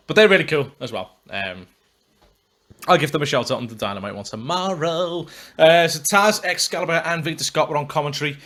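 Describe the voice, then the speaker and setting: A man's voice: fairly high pitch, animated, brisk, fairly bright tone. Chatty Scouse man hosting a podcast. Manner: rambling, self-mocking, chatty with many fillers. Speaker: podcast host. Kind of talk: casual solo podcast review.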